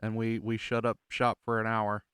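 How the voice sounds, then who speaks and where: A man hosting a podcast interview outdoors at his home, easygoing and quick to laugh along. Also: on the low side, completely flat delivery, fairly bright tone, clear, resonant tone, dry recording, clean studio sound. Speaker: podcast host. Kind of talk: casual interview chat. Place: outdoors outside his house.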